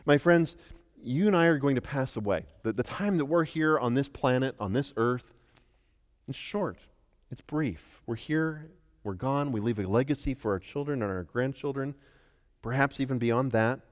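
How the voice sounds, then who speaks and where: A middle-aged man from the United States, a pastor preaching an emphatic sermon that moves between quiet and loud. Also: medium pitch, expressive, moderate pace. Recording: long reverb of a large hall.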